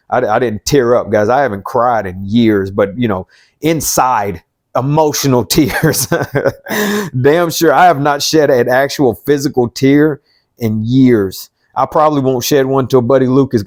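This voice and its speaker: A man with a drawl speaks off the cuff to his viewers, like a life coach. He is blunt, swears freely and hammers points home by repeating them. His voice sits at an ordinary middle pitch. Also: darkish tone. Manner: blunt and profane, preachy, repeats himself for emphasis. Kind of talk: unscripted motivational monologue.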